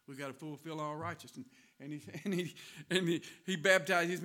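A man's voice: a little high, fairly even intonation, quick pace, fairly bright tone. A man with a Southern US accent preaching a sermon in a folksy storytelling way, laughing as he goes.

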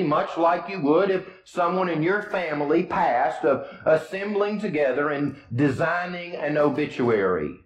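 A man's voice: fairly high pitch, echoey room, low-quality recording. A man preaching a sermon with a Midwestern American accent, retelling scripture in casual, storytelling words. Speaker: pastor.

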